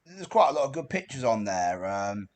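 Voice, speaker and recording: A man's voice: medium pitch, very animated, moderate pace. A man hosting a casual podcast chat, hesitant, with many fillers and restarts. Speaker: podcast host.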